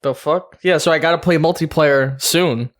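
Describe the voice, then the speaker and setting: A man's voice: fairly high pitch, normal speed. A man co-hosting a podcast in casual chat, laid-back, with short reactions and some swearing. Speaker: podcast co-host.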